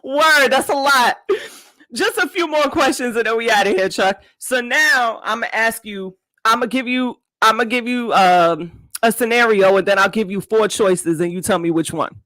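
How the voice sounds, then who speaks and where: A woman's voice: a little high, normal speed, bright, forceful tone, no echo, low-quality recording. A woman hosting a podcast, chatting casually in slang, laughing often and reading out multiple-choice questions to her guest. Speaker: podcast host. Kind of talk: casual interview chat.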